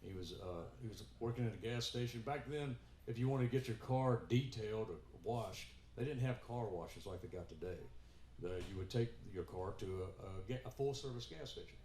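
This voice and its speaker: A man's voice: mid-range voice, a little fast, a little mellow, a little hiss or hum. A man telling a story between songs at a live in-store show, rambling with many fillers and restarts. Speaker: musician performing in-store. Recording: echoey store room with guitar.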